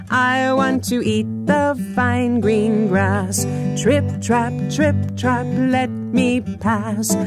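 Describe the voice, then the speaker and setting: A woman's voice: mid-range voice, pitched above the performer's own voice. Woman doing a middle-sized billy goat singing. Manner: sings a lilting chant.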